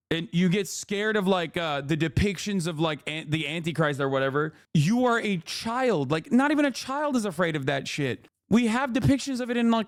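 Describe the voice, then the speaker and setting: A man's voice: high voice, no room sound, clean studio sound. A man ranting on a livestream, profane and exasperated, repeating himself as he builds up. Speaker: streamer. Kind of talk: livestream commentary rant.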